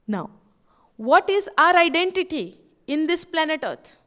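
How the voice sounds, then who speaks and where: A woman preaching a sermon at a retreat, firing questions at the crowd and quoting scripture slowly, word by word. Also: sits high, very animated, a bit bright. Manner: asks the crowd questions over and over; quotes scripture slowly, stressing words. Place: retreat hall.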